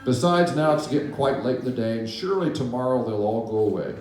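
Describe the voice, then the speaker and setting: A man voicing a gentle, patient, big-hearted male moose in a children's story read aloud, in a very echoey room. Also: mid-range voice, animated, quick pace, slight background noise, natural voice. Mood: weary. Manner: patient, put-upon. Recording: echoey hall, distant mic.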